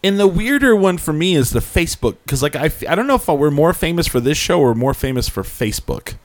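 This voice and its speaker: A man's voice: a little high, sing-song, fast, dry recording. A young man co-hosting a casual talk show, rambling through anecdotes and acting out what people said to him. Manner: rambling storyteller, acts out quotes. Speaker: podcast co-host. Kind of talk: casual chat.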